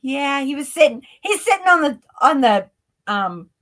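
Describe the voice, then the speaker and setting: A ghost tour guide appears as a guest on a live stream, telling stories casually in an interview over a remote call. Her high voice is very animated and a bit bright, at a moderate pace. She leans heavily on "like" and laughs often.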